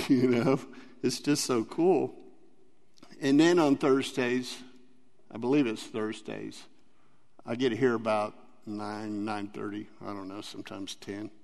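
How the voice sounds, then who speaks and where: Man, rambling church testimony, gravelly, long hall reverb. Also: on the low side, steady tone, slow pace, darkish tone. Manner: rambling, earnest, laughs often. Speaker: church member giving testimony. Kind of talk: personal testimony.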